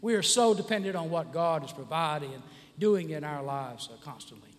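Man, 60s, pastor giving a sermon, high-pitched, rambling and filler-heavy, in a church with long reverb. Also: expressive, brisk. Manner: conversational, frequent "uh" fillers and restarts.

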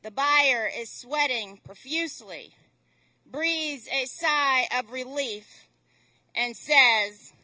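Slow, bright-voiced woman preaching. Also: sits high, distant mic. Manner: deliberate, emphatic delivery with dramatic pauses. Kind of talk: sermon.

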